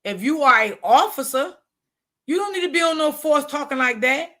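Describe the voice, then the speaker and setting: A woman's voice: sits high, expressive, moderate pace, pushed and bright. An older woman and grandmother giving casual commentary on a stream, emphatic and repeating her points.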